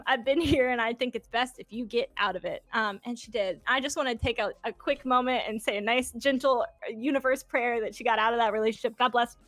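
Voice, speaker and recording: A woman in her twenties, a guest telling a personal story in casual chat, animated and swearing, laughing often and acting out quotes. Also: fairly high pitch, fairly quick, hardly any pauses, dry recording. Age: 20s.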